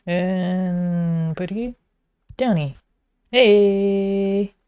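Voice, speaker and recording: A woman's voice: mid-range voice, fairly even intonation, drawn-out words, dark tone, clear, resonant tone. A woman, talking to herself while streaming a frustrating game, muttering and sometimes whispering. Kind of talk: casual gameplay commentary.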